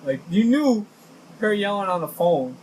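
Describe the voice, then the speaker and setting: A man's voice: high voice, unhurried, slight background noise, low-quality recording. A man co-hosting a podcast, chatting casually, teasing his friends and laughing often. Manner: lively, laughs a lot, teasing. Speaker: podcast co-host. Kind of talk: casual chat.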